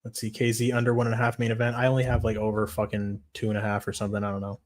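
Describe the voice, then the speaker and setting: A man hosting a casual livestream chat, swearing a lot, getting excited and reading chat messages aloud. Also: fairly low pitch, rapid-fire. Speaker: streamer.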